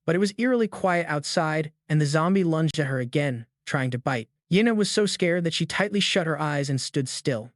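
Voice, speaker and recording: A man narrating a scripted comic recap in a steady storytelling voice. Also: on the high side, moderate pace, few pauses, no room sound, clean studio sound.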